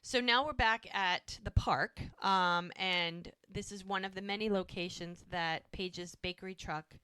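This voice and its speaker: A woman's voice: medium pitch, measured pace, clean tone, no room sound, studio quality. A woman co-hosting a podcast, recapping a TV episode in casual chat and acting out the characters' lines as she goes. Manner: animated retelling, acts out the characters' lines. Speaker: podcast co-host.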